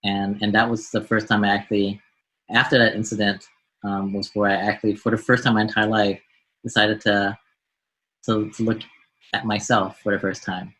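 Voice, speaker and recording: American guy on a podcast, lowish bright voice, stops and repeats himself a lot. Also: little pitch movement, slight background noise, low-quality recording. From United States. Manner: reflective, halting with repeated words. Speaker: guest, doctor and mentor. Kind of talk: podcast interview.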